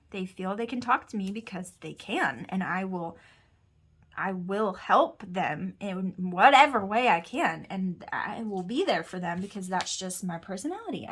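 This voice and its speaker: A woman's voice: medium pitch, husky. A woman in her thirties telling a personal story in a casual, chatty, self-deprecating way, often quoting herself and others. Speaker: host.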